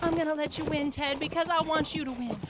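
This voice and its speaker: A woman playing a gentle, kind female racehorse in an improv comedy scene, talking softly and tenderly. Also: sits high, steady tone, fast, lightly acted. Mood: encouraging. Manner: soft, tender encouragement. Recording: loud background noise.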